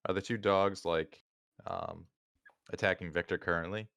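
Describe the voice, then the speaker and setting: Deep, smooth, slow-talking male player. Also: steady tone, a bit bright, no echo. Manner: unhurried, hesitant, with many ums. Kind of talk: casual tabletop play and narrating his character. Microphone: online voice call.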